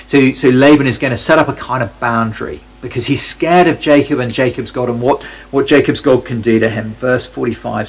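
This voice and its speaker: A man's voice: medium pitch, steady tone, brisk, creaky, hardly any pauses, slightly rough, low-quality recording. A man reading a Bible passage aloud and commenting on it in a conversational, wry way, often stopping to restart his sentences. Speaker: Bible teacher.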